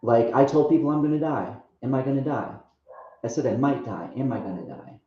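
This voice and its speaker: Rambling young man in a booming room. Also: animated. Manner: halting, full of restarts and "like". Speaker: speaker sharing a testimony. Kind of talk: rambling personal testimony. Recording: very echoey, muffled lo-fi room.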